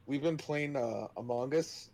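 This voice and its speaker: A man's voice: mid-range voice, measured pace, a loud crowd. A man co-hosting a podcast in casual chat, eagerly chiming in. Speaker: podcast co-host.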